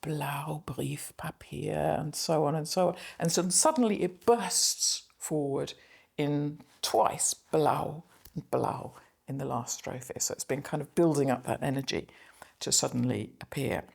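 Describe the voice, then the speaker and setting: A middle-aged woman lecturer talking through a poem reflectively, reading its German lines slowly aloud. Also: deep voice, creaky, husky. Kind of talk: spoken poetry analysis lecture.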